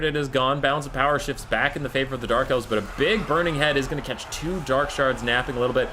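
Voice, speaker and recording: Upbeat American caster from Minnesota, bright and joking, faint noise underneath. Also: male voice, medium pitch, quick pace, hardly any pauses. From Minnesota, USA. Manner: joking, animated. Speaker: tournament commentator. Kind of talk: casual game commentary.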